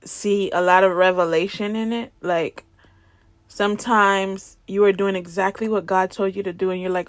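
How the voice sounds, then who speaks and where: A woman telling a personal faith testimony in a lively way, laughing and acting out the dialogue as she goes. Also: medium pitch, moderate pace, no room sound, clean studio sound. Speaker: ministry speaker.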